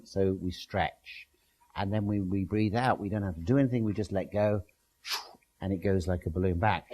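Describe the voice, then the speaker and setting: A man's voice: on the low side, dark tone, poor audio. A man giving a classroom lecture with slides, explaining step by step with everyday comparisons.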